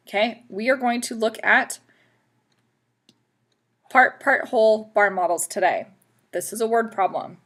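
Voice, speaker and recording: Patient woman teaching math, slightly high. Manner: patient, step-by-step explaining. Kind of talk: classroom math lesson video.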